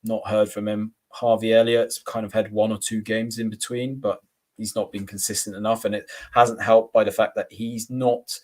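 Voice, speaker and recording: A man co-hosting a podcast, giving measured views on football and citing stats. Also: fairly low pitch, little pitch movement. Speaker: podcast co-host. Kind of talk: casual football chat.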